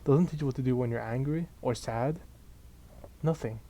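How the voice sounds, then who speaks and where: A young man, ranting casually and profanely to camera in an exasperated, animated way. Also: mid-range voice, moderate pace. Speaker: vlogger.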